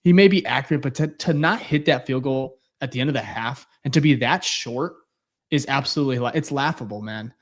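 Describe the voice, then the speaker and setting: A man's voice: medium pitch, fairly quick. A young man co-hosting a sports podcast, venting bluntly and swearing as he breaks down a loss. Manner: frustrated, blunt, swears, repeats himself. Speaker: podcast co-host. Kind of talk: heated post-game podcast rant.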